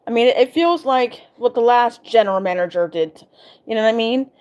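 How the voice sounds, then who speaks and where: A woman's voice: on the high side, brisk, a little mellow, highs cut off. A woman vlogger venting in a casual, emphatic way, repeating herself as she rants. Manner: emphatic, exasperated ranting with repetitions.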